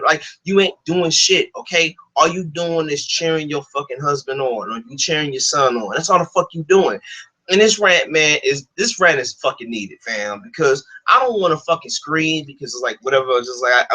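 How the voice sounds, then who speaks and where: A man's voice: medium pitch, sharp tone, husky, rough recording. A man vlogging a heated, profane rant, repeating himself and swearing constantly. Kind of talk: profane ranting monologue.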